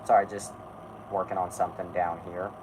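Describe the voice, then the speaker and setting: A man's voice: deep voice, flat delivery, brisk, noisy background. A man hosting a casual live stream who halts, rambles and restarts his sentences while he talks to his chat and co-hosts. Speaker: podcast host.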